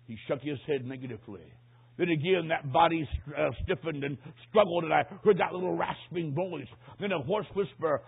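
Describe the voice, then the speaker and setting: Preacher guy telling a sermon story, fairly high voice, goes hushed then loud, tinny old recording. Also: gravelly, husky. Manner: dramatic storytelling, dropping to hushed tones and rising to shouts.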